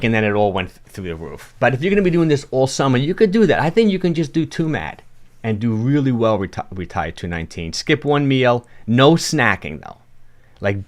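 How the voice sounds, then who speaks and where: A man with a New York accent, a fitness coach giving casual, encouraging advice on a livestream and answering viewer chat, often restarting his sentences. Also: medium pitch.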